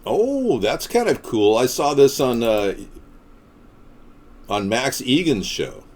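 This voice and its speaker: A man's voice: mid-range voice, very animated, slow pace, darkish tone. A man hosting a casual live stream as a political candidate, rambling off the cuff with jokes and reading viewer comments aloud.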